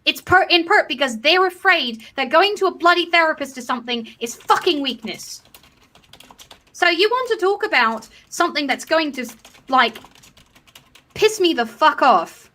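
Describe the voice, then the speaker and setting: A woman's voice: high voice, expressive, moderate pace, bright, forceful tone. A woman co-hosting a casual livestream Q&A, blunt and heated, swearing freely, with a non-American English accent. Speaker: co-host of a Q&A stream.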